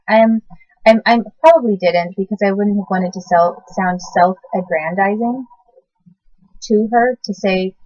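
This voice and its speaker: A woman in her forties recalling the past in a casual, halting way, often stopping to correct herself and search for words. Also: medium pitch, a little mellow, no echo. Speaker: recalling past babysitting work. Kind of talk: casual personal recollection to camera. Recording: dull lo-fi sound.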